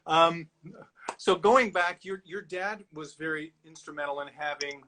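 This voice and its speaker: A male interviewer with a fairly high, bright voice chats with easy enthusiasm. He is quick to praise and keeps the conversation friendly and casual. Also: a little hiss or hum. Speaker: interviewer host.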